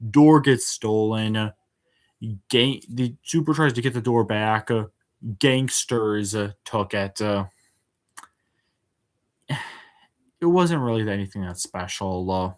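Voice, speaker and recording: A man's voice: lowish voice, takes it slowly, long pauses. A man hosting a casual spoken review, hesitant, with many filler words and restarts, and frank and exasperated in tone. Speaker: show reviewer.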